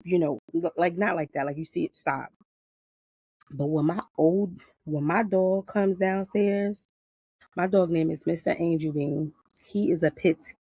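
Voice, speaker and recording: A middle-aged woman from New Jersey chats unscripted from her backyard with a low, gravelly voice. She tells stories bluntly and with plenty of swearing and energy. Her voice sits close and dry with almost no room sound. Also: unhurried, dry recording. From Paterson, New Jersey. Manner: blunt, profane, animated storytelling. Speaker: podcast host. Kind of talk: casual unscripted chat. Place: outdoors in her backyard garden.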